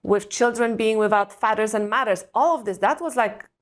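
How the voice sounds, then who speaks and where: A woman's voice: on the high side, moderate pace. A woman from Europe, a parenting coach talking earnestly and emphatically as a podcast guest, full of searching questions. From Eastern Europe. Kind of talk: reflective podcast interview talk.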